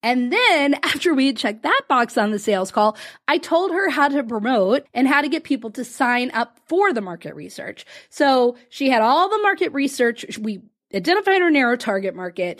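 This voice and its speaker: A woman hosts a solo business podcast in a high, bright voice. Her pitch swings widely as she tells a client story. She laughs often and acts out what others said. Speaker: podcast host and business coach.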